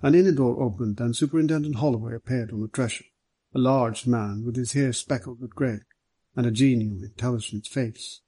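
A man narrating an audiobook in a steady, measured way. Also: mid-range voice, breathy edge, no echo, poor audio.

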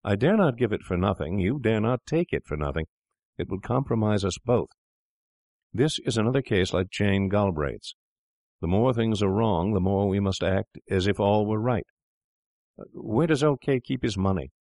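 A man voicing a cool, scheming young doctor who coaxes and insists smoothly. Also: fairly low pitch, expressive, moderate pace, a little mellow, no echo, clean studio sound, pitched above the performer's own voice. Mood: coaxing.

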